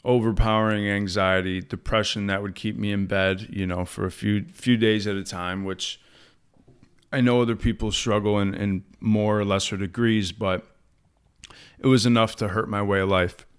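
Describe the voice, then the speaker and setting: A young adult man hosts a podcast on recovery, speaking candidly and bluntly, swearing, and telling stories that include quoted dialogue. His voice is on the low side, steady and smooth, at a moderate pace, recorded on a studio podcast mic.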